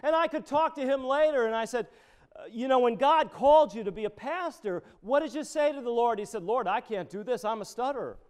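A man's voice: very high-pitched, brisk, clear, resonant tone. A middle-aged man, a pastor, preaching a conversational sermon full of personal stories.

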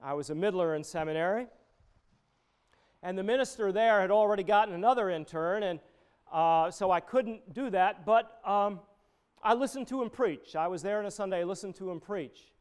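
High-voiced man preaching a sermon. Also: normal speed, clean tone. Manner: conversational, digressive with personal stories. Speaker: pastor.

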